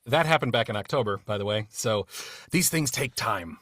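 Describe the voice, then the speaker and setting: A man's voice: medium pitch, animated, normal speed, a bit bright, no room sound, clean studio sound. A man chatting eagerly on a podcast, rambling and apologizing. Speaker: podcast cast member. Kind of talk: casual podcast chat.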